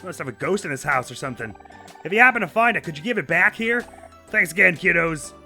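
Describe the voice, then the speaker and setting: A man's voice: fairly high pitch, expressive, fast, gravelly, pushed and bright, soft background music, pitched above the performer's own voice, exaggerated voice. A man doing a chummy put-on American dad. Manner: chummy, upbeat delivery. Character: cheery middle-aged dad, forgetful and friendly.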